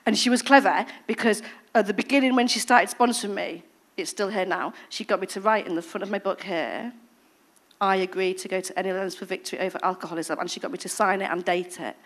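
A woman tells her recovery story with animated, expressive delivery. She acts out the voices of people she quotes, and her volume swings from loud to barely a hush. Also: mid-range voice, quick pace. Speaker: speaker sharing recovery story. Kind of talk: personal recovery testimony.

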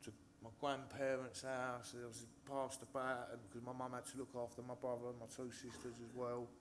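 A man's voice: medium pitch, monotone, brisk, slight background noise. An English man from Hertfordshire telling his recovery story to a live audience, nervous, swearing often and restarting his sentences. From Hertfordshire, England. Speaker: speaker sharing recovery story. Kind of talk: personal testimony to a live audience. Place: stage in a meeting hall.

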